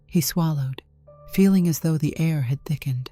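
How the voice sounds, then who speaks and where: A woman narrating a story in a calm, measured way from a script. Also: sits low. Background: faint music.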